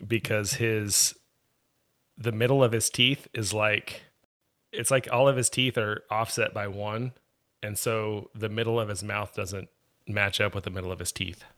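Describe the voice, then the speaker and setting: A male guest on a podcast with a fairly low voice, talking casually. He rambles, restarts and lets his sentences trail away. The tone is loose and conversational. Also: fairly even intonation, unhurried, fairly bright tone. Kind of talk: casual chat.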